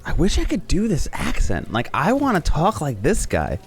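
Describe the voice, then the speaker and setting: Animated, laughing male streamer. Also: a little high, moderate pace. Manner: animated, laughs often, rambling. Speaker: streamer playing a game. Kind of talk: casual gameplay commentary.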